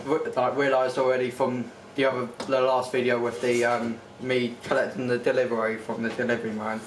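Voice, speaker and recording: A man's voice: medium pitch, level tone, a little fast. A young man hosting a casual family vlog, rambling with restarts and fillers. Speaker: vlogger. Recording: echoey room with faint noise.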